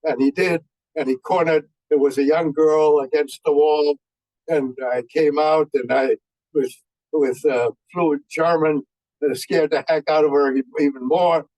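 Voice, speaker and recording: An elderly man in his nineties speaks at a memorial, telling old war stories. His voice sits rather high for a man and sounds dry and close. He talks in a folksy, halting way, with frequent fillers. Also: steady tone, darkish tone, no room sound, rough recording. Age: 90s. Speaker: veteran speaker. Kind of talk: anecdotal war storytelling.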